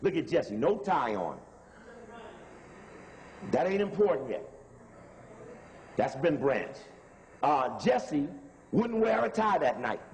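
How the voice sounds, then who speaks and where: A man's voice: fairly high pitch, very animated, a little mellow, big-room sound. A man lecturing over video footage in a conversational, emphatic way, often calling to stop the tape. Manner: conversational, emphatic, repeats instructions to pause the tape.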